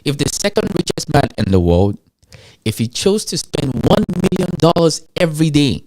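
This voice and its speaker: A man with an African accent hosting a show, talking to his audience in an animated rant full of rhetorical questions. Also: fairly high pitch, moderate pace. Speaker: show host. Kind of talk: animated ranting commentary.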